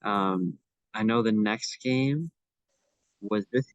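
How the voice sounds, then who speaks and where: Young man, podcast co-host, casual sports chat, fillers and restarts, lowish voice, dull lo-fi dry audio. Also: takes it slowly, no echo. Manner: chatty, many fillers and restarts.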